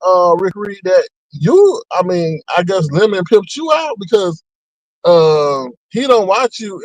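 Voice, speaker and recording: A man hosting a casual gossip commentary, talking in a mocking, animated way and acting out what people said. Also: dry recording, rough recording. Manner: animated, mocking, acts out quotes with big pitch jumps. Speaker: commentary channel host.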